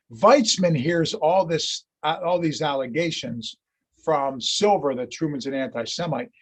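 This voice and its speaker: A male lecturer tells history as a lively, chatty story, with a slightly husky voice. His pitch sits a touch above the usual for a man. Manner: animated, chatty storyteller who laughs at his anecdotes.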